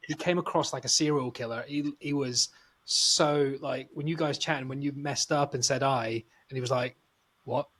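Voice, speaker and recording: A man's voice: medium pitch, fairly even intonation, normal speed, fairly bright tone. A man hosting a film podcast, chatting casually and with enthusiasm about a movie. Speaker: podcast host.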